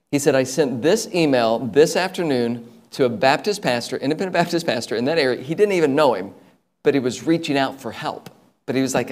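A man preaching a sermon as an animated story, acting out the lines of the people in it. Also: mid-range voice.

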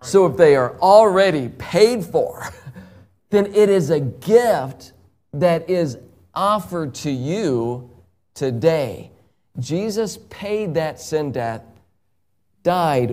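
Male evangelist, one-on-one gospel talk; slow, emphatic delivery with frequent chuckles. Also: medium pitch, a little mellow.

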